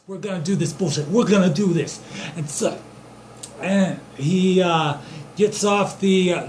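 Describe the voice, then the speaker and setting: A man's voice: sits high, measured pace, pauses often, roomy sound, background noise. A young man improvising an absurd, profane comedic story, rambling and loosely voicing the characters he quotes.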